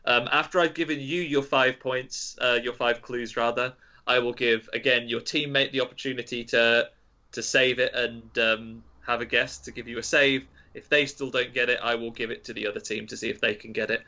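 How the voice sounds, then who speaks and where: Bright-voiced man hosting a quiz. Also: medium pitch, steady tone, moderate pace. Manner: explains rules at length, laughs often. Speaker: quiz master. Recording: dull lo-fi audio.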